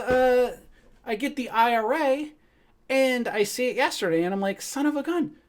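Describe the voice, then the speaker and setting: Casting: middle-aged male stream host, slightly high voice, fired-up profane rant with acted-out quotes. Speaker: trading show host. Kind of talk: casual livestream rant.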